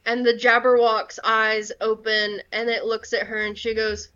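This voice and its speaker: Slow-talking woman game master. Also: on the high side, little pitch movement, pushed and bright, dull audio. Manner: unhurried, with fillers. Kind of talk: narrating a tabletop game.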